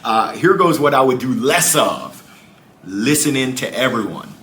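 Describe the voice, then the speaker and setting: Upbeat male guest, animated storyteller, roomy sound with faint ambient noise. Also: mid-range voice, measured pace. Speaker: guest speaker. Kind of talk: lively interview conversation.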